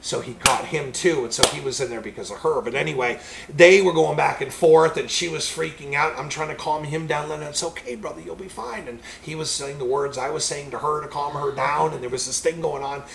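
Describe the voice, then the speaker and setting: Preacher guy telling his story, kinda gravelly voice, rambles and gets animated. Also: fairly high pitch, fairly quick, over a noisy crowd, rough recording. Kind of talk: personal testimony storytelling.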